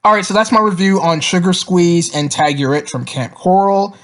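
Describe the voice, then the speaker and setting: A man's voice: high voice, normal speed. Rambling man reviewing cartoons. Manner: rambling, filler-heavy, repeats words. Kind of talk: casual review monologue.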